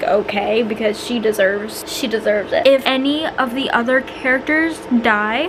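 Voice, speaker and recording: A woman's voice: sits high, background noise. Gushing woman book vlogger. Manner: gushing, excitable, heavy use of filler words. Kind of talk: casual reading vlog chat.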